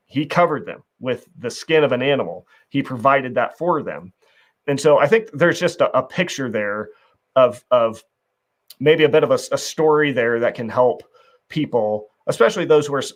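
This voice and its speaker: A man hosting a talk show, speaking earnestly and reflectively in a conversational faith discussion, often restarting his phrases. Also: mid-range voice.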